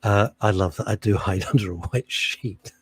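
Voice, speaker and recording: A man's voice: fairly low pitch, a little hiss or hum. A middle-aged man co-hosting a radio show, bantering and mocking his partner in a jokey way. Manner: teasing, jokey, quick to mock his co-host. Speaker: radio co-host. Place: home setup with a loud industrial fan behind him.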